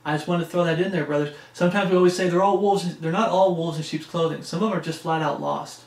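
A man's voice: a little high, steady tone, fast talker. A man preaching an informal sermon, reading scripture aloud and checking in with his listeners. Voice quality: conversational, frequent "uh" and "okay?" check-ins. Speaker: preacher leading a Bible study. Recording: roomy echo.

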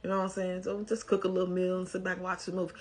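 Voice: medium pitch, completely flat delivery, very fast, a little mellow, husky. An advice commentator, reading a post aloud and giving blunt, scolding commentary in a casual way.

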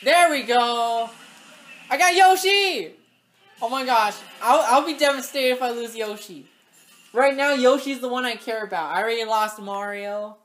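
A woman giving live gameplay commentary, excitable, talking to the game and yelling at opponents. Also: a little high, normal speed. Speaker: gaming channel host.

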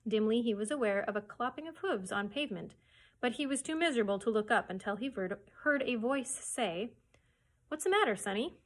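A woman's voice: fairly high pitch, brisk. Woman reading a chapter book aloud. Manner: expressive storytelling. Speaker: children's librarian.

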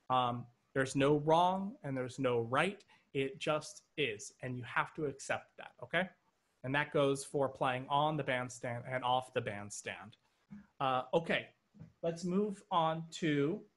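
A man teaching an online drum lesson, explaining patterns step by step and checking in with "okay" as he goes. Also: fairly high pitch. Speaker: drum instructor. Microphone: video call. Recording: drums loud behind voice. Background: drum kit playing.

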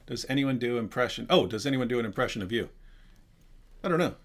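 A man's voice: mid-range voice, lively intonation, fast. A man hosting a live question-and-answer stream, talking casually and animatedly with frequent asides and restarts. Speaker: host.

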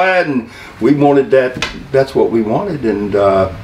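An older man with a Southern American accent, telling stories from his career as an interview guest in a folksy, animated way, acting out other people's lines. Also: medium pitch, slow. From Southern United States. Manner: folksy, animated storyteller who acts out quotes. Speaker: interview guest, former wrestling manager. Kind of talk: storytelling interview. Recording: echoey room, mic at a distance, faint hiss.

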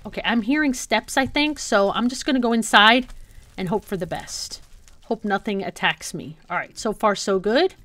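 A woman's voice: mid-range voice, moderate pace, a bit bright. A woman hosting a gaming channel, chatting her way through a Let's Play with hopeful, self-talking asides to her viewers. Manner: bursts into shrieks and laughter when startled.

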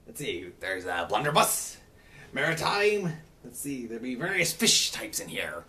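A man's voice: mid-range voice, sing-song, moderate pace, pushed and bright. A man running his own channel, talking in hammy pirate speak in a rambling, self-correcting casual vlog. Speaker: channel owner.

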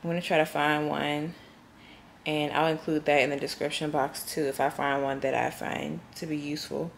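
A woman's voice: low-pitched, level tone, normal speed, gravelly, roomy sound, a little hiss or hum. A young woman vlogging in a casual, rambling way, with a congested voice. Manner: chatty, rambling with many fillers. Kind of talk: casual vlog chat.

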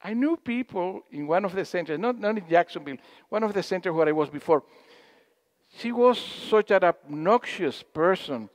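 Lively high-voiced man giving a spiritual talk. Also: normal speed, long reverb tail. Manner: storytelling with questions to the audience, acting out quotes. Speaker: speaker at a spiritual gathering.

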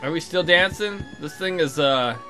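A man's voice: a little high, moderate pace, faint music behind. A man giving casual, profane, sarcastic commentary while playing a video game. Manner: swears a lot, excitable, sarcastic. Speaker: let's play gamer.

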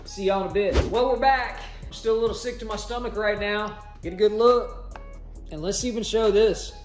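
A man chatting to camera in a casual vlog, full of excitable, dramatic exclamations. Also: sits high, normal speed. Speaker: family vlogger. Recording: roomy echo with faint music.

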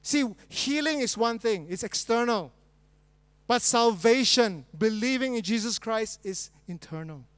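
A male pastor preaching a sermon with pauses and rising emphasis. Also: very high voice, lively intonation, a bit bright, clean tone, no echo. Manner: reads a spoonerism fairy tale as a joke, then preaches with pauses and rising emphasis.

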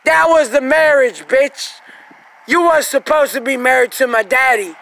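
Very high, gravelly ranting man. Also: moderate pace, dry recording, low-quality recording. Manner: aggressive, repetitive cursing and mocking; bursts into shouting. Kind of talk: profane religious rant monologue.

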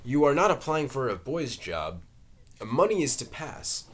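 A man doing a casual play read-through, voicing an aging male salesman who lectures loudly and insistently, with stumbles. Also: mid-range voice, very animated, a little slow, slight background noise, pitched above the performer's own voice. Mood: lecturing. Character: aging male salesman, pushy and quick-tempered.

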